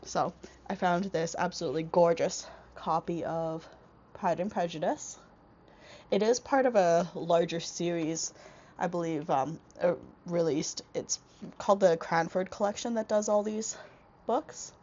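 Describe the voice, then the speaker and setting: A woman's voice: lowish voice, measured pace, a little mellow, dull audio. A young woman with a stuffy, congested voice chatting casually in a vlog, rambling with lots of fillers and restarts. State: congested from a cold. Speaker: vlogger. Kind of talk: casual book haul vlog. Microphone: small wireless clip-on mic.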